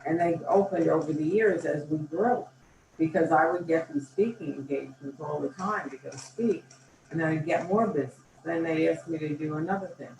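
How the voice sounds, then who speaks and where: A woman's voice: low-pitched, moderate pace, darkish tone, a little hiss or hum. An older woman and company founder, chatting enthusiastically as an interview guest and acting out little anecdotes. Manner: enthusiastic, chatty, acts out quotes. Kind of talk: animated storytelling in conversation. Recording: roomy, distant mic, faint ambience.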